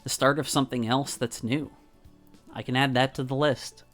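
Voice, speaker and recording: A man streaming, reading a visual novel aloud in a calm first-person narrator voice. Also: medium pitch, moderate pace, soft background music.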